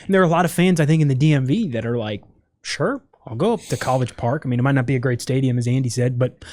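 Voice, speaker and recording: A man's voice: medium pitch, quick pace, darkish tone, dry recording, clean studio sound. A man co-hosting a sports podcast, talking casually with frequent hesitations and restarts. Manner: hesitant, many restarts and fillers. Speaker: podcast co-host.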